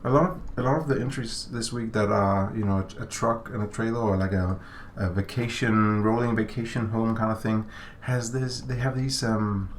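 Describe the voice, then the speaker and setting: Male developer co-host, lowish voice, playful and halting; faint noise behind. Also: steady tone. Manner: playful, joking, halting with restarts. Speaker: game developer co-hosting a stream. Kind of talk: casual chat while playing.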